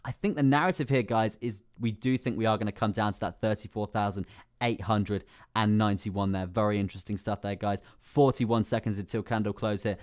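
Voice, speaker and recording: A man's voice: on the low side, fairly quick, darkish tone. A young man hosting a casual crypto live stream, chatting with viewers, reading their names aloud and laughing often. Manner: chatty, reads chat names aloud, many fillers and laughs.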